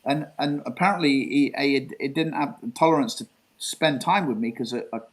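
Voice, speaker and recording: A man's voice: mid-range voice, moderate pace, poor audio. An English man from England, a guest telling a long rambling story, repeating himself and swearing. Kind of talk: casual storytelling interview.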